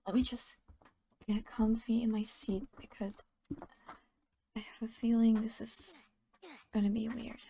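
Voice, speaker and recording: A woman's voice: a little high, fairly even intonation, a little slow, creaky, pauses often, dark tone, a little hiss or hum. A tired woman giving casual gameplay commentary, often half-whispering and mumbling to herself. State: sleepy and tired. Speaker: gaming channel host.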